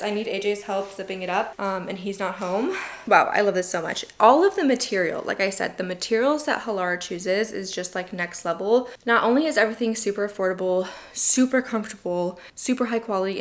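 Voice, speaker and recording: A young woman talking at home in a casual vlog Q&A, gushing and chatty, filling her talk with "like" and "super", a little out of breath. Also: medium pitch. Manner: bubbly, gushing, frequent "like" and "super". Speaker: YouTube creator.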